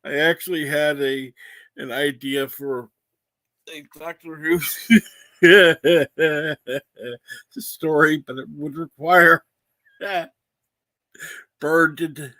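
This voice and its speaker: Slow-talking laughing male streamer. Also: on the high side, fairly even intonation, sharp tone, dry recording. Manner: laughs often, reads chat aloud. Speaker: livestream host. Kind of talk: casual livestream chat.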